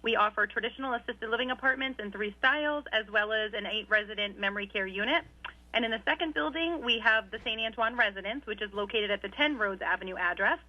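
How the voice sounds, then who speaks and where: A woman on a radio call giving a sponsor pitch, with steady, listing delivery. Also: quick pace. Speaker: sponsor representative. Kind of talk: casual radio talk, reading a sponsor pitch. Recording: muffled phone line.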